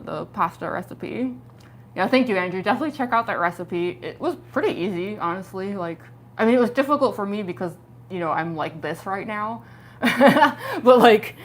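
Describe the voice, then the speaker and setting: Giggly, chatty young woman streaming. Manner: giggly, chatty, frequent laughs and fillers; excitable, pitch jumping up on exclamations. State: speaking around costume fake teeth. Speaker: livestreamer. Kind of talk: casual livestream chat.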